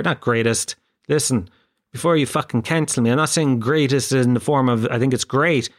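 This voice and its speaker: A man's voice: medium pitch, normal speed. A young adult man, telling a rambling, profane, self-deprecating stand-up story. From Ireland. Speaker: stand-up comedian.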